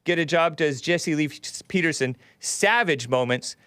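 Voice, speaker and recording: A man's voice: a little high, unhurried, sharp tone, clear, resonant tone, no room sound, clean studio sound. A man hosting a talk show, giving rambling, sarcastic political commentary with scornful asides.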